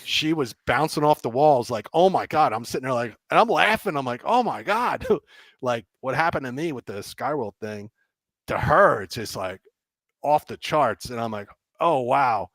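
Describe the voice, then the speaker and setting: A man, a game developer, telling animated stories as a guest and acting out people's reactions with frequent laughs. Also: mid-range voice, normal speed, no room sound. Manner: excitable, acts out reactions, laughs often. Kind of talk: animated storytelling.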